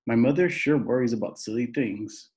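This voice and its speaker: A man reading a children's chapter book aloud at a middle pitch. His narration is plain and steady. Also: moderate pace. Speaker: reader.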